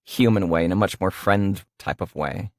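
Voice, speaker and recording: A man's voice: low voice, moderate pace, dry recording, clean studio sound. A man hosting a roundtable discussion, who agrees briefly and hands the floor to each guest by name. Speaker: podcast host.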